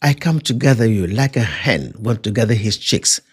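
A man leading a Bible study, teaching with animated retellings of scripture scenes. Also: normal speed, breathy edge. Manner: animated, acts out quotes with high pitch jumps. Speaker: preacher.

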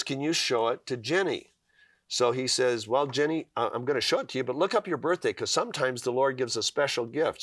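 A man's voice: medium pitch, a bit bright, no echo, studio quality. A man giving a devotional talk, telling a story earnestly and quoting scripture. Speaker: Christian speaker.

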